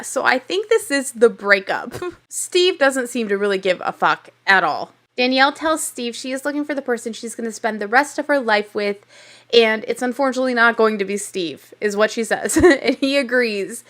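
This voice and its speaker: Young woman host, bright and fairly high voice, candid and chatty, laughs easily. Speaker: podcast host. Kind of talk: casual TV recap.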